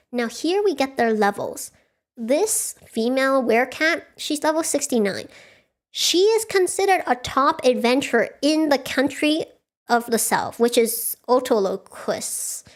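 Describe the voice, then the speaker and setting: A young woman streaming a casual book club, recapping a story in a chatty way, laughing often and acting out the characters' lines. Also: sits high.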